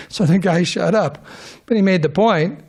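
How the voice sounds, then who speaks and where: A man's voice: high-pitched, a little mellow, breathy edge. A middle-aged man giving an informal scripture class to a live audience in a temple hall, rambling, restarting sentences and tossing questions to the listeners.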